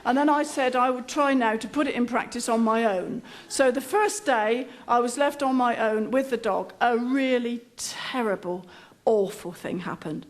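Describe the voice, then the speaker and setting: A middle-aged woman with a high voice tells a comic anecdote on stage. Her delivery is dry and self-mocking, chatty, and easygoing. She keeps a warm storyteller's rhythm. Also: normal speed. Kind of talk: humorous anecdote told on stage.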